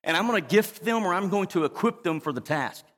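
A man's voice: high-pitched, lively intonation, a little fast, fairly bright tone, long reverb tail. A man preaching a sermon to his congregation as pastor, emphatic and often asking the crowd to respond. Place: church.

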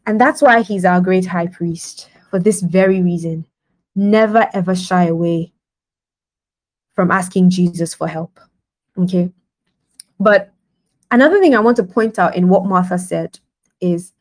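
A woman's voice: on the low side, unhurried, long pauses, a little mellow, poor audio. A woman giving a devotional sermon on a podcast in a conversational style, laughing often and acting out the scenes she describes. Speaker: podcast preacher.

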